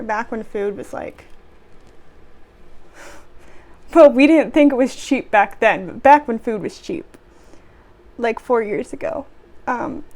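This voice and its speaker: A woman's voice: high voice, gravelly, a little mellow. A young woman vlogger telling work stories in a casual chat, sarcastic and exasperated, with sighs.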